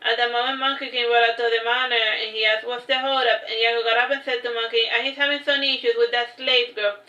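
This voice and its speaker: A woman with a bright, fairly high voice reads a novel aloud in a steady, even tone, stopping now and then for offhand remarks. The sound is roomy and a little dull, like lo-fi stream audio. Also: fast talker. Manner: reads straight on, adding casual asides. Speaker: narrator reading her own book. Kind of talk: livestream read-aloud of a novel.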